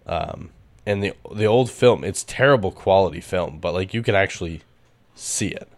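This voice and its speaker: Deep-voiced dude on a podcast, swearing and joking around, super casual. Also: male voice, moderate pace. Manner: crude, joking, swears a lot. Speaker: podcast co-host. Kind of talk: casual chat.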